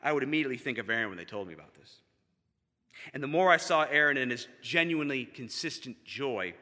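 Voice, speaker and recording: A man telling a personal story to a live audience, animated and self-mocking, acting out the people in his stories. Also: mid-range voice, fast talker. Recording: long reverb in a hall.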